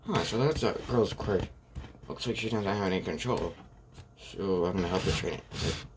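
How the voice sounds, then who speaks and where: A man voicing a kind, protective teen boy hero in a soft, gentle tone while telling a story. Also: sits low, moderate pace, noisy background, close to an everyday voice. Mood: calm.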